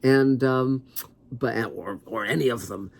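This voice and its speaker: A man's voice: medium pitch, slow pace, creaky. A man, a TV writer hosting his own show, giving casual, rambling commentary with a wry, skeptical edge. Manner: rambling, conversational, many asides.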